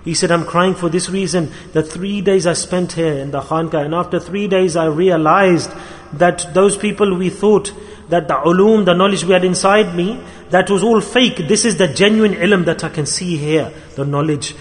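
High-voiced man preaching in a reverberant hall. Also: moderate pace. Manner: impassioned, rises and falls in emphasis, quotes figures in his own voice. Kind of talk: sermon storytelling.

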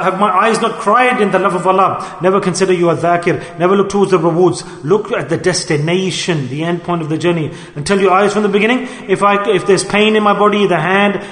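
A man preaching a sermon to a gathering, earnest and pleading, leaning on slow, emphatic repetitions. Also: sits high, fairly bright tone. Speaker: Sufi preacher. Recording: echoey hall.

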